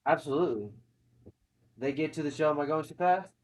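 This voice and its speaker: A man's voice: a little high, brisk, low-quality recording. A man casually retelling a film's plot, swearing and acting out quotes, in a chatty movie-recap conversation.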